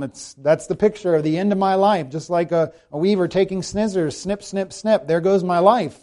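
Male pastor, expository sermon, reads scripture slowly; a touch higher than average pitch. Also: a little mellow. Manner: expository preaching, rhetorical questions to the congregation.

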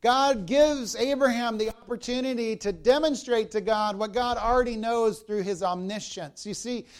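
A man's voice: high-pitched, smooth. A man preaching a sermon as a pastor, explaining a Bible passage verse by verse and speaking directly to the congregation.

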